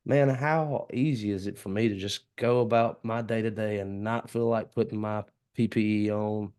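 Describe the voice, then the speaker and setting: A man's voice: fairly low pitch, steady tone, normal speed, darkish tone, smooth. A man with a Southern US accent hosting a casual podcast chat, talking earnestly and easily, with folksy comparisons. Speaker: podcast host.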